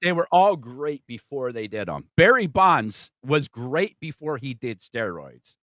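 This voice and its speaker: A man's voice: medium pitch, sing-song, a little slow, fairly bright tone, dry recording. A man co-hosting a sports podcast, agreeing often and explaining points patiently. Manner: agreeable, explanatory, frequent affirmations. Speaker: co-host. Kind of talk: casual sports podcast chat.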